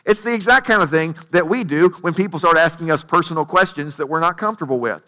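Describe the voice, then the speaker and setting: Male pastor, high bright voice, chatty storytelling sermon w rhetorical questions. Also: big-room sound.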